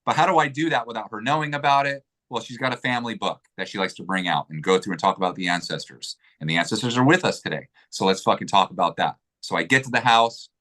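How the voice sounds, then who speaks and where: A man's voice: lowish voice, fast talker, few pauses, sharp tone. A man telling a personal story in a casual interview, getting emotional, swearing freely and acting out what people said.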